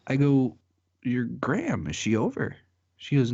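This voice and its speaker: A man's voice: mid-range voice, big pitch swings, a little slow, gravelly, darkish tone, slightly rough, no echo. Young man on a dull lo-fi mic. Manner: laid-back, laughs through his story. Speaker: podcast co-host. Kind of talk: casual chat, telling ghost stories.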